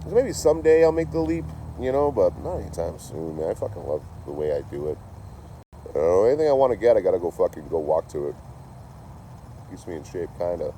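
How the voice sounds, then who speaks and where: A deep, mellow-voiced man talks outdoors in a casual, rambling way. He swears freely and leans on "you know" between thoughts. Faint traffic hums behind him in the street. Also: lively intonation, fairly quick. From Massachusetts. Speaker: traveling vlogger. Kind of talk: casual chat.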